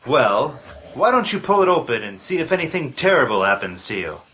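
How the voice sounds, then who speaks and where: A sarcastic, grumpy adventurer from a comedy audio drama, voiced by a man. His voice has a bright, forceful edge and a mid-range pitch. He delivers put-downs in a dry, deadpan way. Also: brisk, a little hiss or hum.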